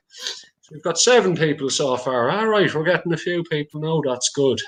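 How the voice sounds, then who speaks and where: A man's voice: on the high side, animated, moderate pace. An Irish man with a County Clare accent hosting a casual livestream, chatty and reading out viewer comments with casual swearing. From Ireland. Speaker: livestream host.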